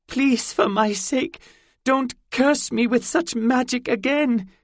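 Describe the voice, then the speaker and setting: A man's voice: very high voice, slow pace, dry recording, pitched above the performer's own voice, exaggerated voice. A man doing a lofty British fairy girl. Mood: wondering. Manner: formal, old-fashioned phrasing. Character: haughty fairy girl, curious and blunt.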